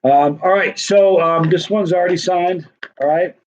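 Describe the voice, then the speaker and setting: A man's voice: high voice, steady tone, a little slow. Chatty man hosting a livestream. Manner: rambling, chatty salesman patter. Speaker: livestream host selling signed hot sauce. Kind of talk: casual livestream chat. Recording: dull, muffled lo-fi sound.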